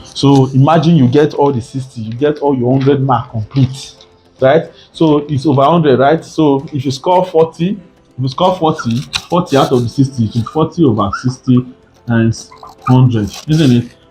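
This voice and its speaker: Male tutor, mid pitch, repetitive and quizzing, faint music bed. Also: moderate pace, darkish tone. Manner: repetitive, rhetorical "what?" questions. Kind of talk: exam prep lesson.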